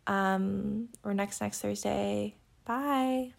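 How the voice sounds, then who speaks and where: A woman's voice: mid-range voice, slow pace, vocal fry. A young woman co-hosting a podcast, giving a casual, offhand sign-off message. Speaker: podcast co-host.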